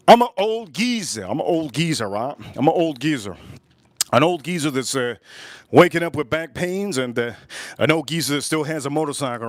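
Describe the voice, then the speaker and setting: A man's voice: mid-range voice, no room sound. A middle-aged man hosting a casual livestream from home, rambling and repeating himself as he talks straight to his viewers. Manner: rambling, repeats phrases, addresses viewers directly. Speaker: livestream host.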